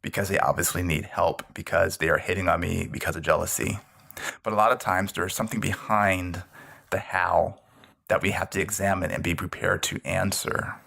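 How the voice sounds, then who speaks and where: Deep, gravelly man giving earnest advice. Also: steady tone, moderate pace, pushed and bright. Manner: conversational, keeps asking "right?" to check in; earnest, repeats key points for emphasis. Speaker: motivational speaker hosting his own talk show. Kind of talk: motivational talk to camera.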